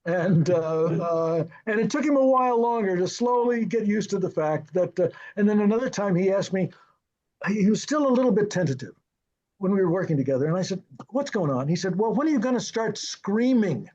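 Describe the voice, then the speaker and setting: An older man, a film director, telling anecdotes in an interview, lively and chuckling as he acts out what others said. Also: high voice, fairly quick, lo-fi sound. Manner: lively, acts out quoted dialogue, chuckles often.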